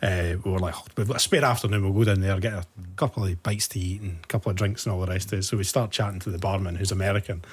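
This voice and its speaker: A man's voice: low-pitched, fairly even intonation, rapid-fire, few pauses, slightly rough. A man with a Scottish accent, a host chatting casually with his guest and trading his own travel story in a friendly way. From Scotland. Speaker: podcast host. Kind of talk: casual chat.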